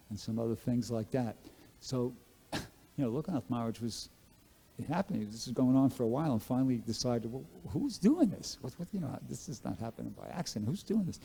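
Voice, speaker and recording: A man's voice: medium pitch, dark tone, slightly rough. A man giving a scripture class, telling devotional stories in a casual, rambling way with many fillers and restarts. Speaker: class speaker at a temple. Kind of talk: Bhagavatam class storytelling.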